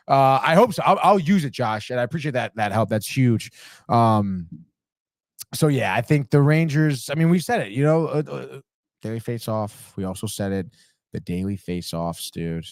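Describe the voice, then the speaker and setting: A man's voice: mid-range voice, no room sound, clean studio sound. A man hosting a live sports podcast alone, trash-talking teams, swearing and calling everyone "dude" as he reads chat comments. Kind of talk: live sports betting talk.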